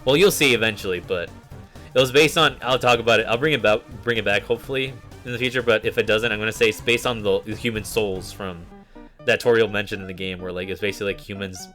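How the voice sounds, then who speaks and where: Rambling streamer man, bright voice. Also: fairly low pitch, fast, faint music behind. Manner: rambling, many fillers and restarts, reads game text aloud. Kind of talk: casual gameplay commentary.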